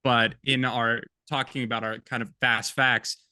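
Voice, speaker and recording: Male podcast co-host with a bright, punchy voice and a dry, close sound. He is casual, chatty and joking. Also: medium pitch, level tone, moderate pace, smooth, no room sound. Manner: chatty, jokey, reads quotes aloud. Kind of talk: casual film-review chat.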